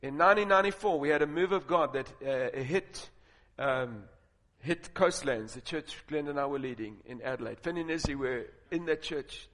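Man preaching, tells stories then gets loud and punchy, kinda high voice, big echoey hall. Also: moderate pace, hardly any pauses. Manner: storytelling, building to loud emphatic points. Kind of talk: sermon. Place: large auditorium with audience. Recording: long reverb of a large hall.

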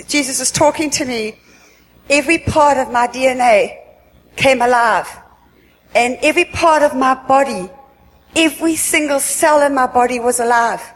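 A woman giving an earnest spoken religious testimony at a worship meeting, halting and often repeating herself. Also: high voice. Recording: echoey hall with long reverb, faint ambience.

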